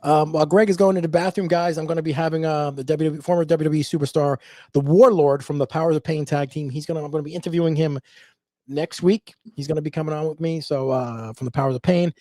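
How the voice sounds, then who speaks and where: A man's voice: fairly high pitch, fairly even intonation, fast, dark tone, no room sound, studio quality. A man hosting a podcast, chatting casually, reading out viewer comments and agreeing with his co-host. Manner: easygoing, agreeable, many short acknowledgements.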